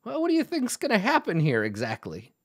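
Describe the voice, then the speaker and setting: Man as smug old dwarf with a staff: pitched up, mock-reasonable, needling. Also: wildly swooping pitch, fairly quick, exaggerated voice.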